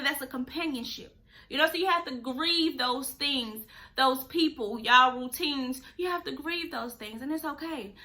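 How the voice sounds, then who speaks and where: Podcast host: emphatic woman, high bright voice, preachy direct advice. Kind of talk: casual advice talk.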